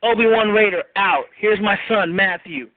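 A man's voice: high-pitched, normal speed, slight background noise. A male caller ranting indignantly and with lots of swearing in a voicemail. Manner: indignant, profane rant. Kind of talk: angry fan voicemail. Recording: tinny phone line.

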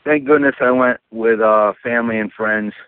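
A man's voice: mid-range voice, fairly even intonation, clear, resonant tone, dry recording. Male fan caller, angry and profane, dry tinny phone sound. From New York. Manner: angry, profane, rapid venting.

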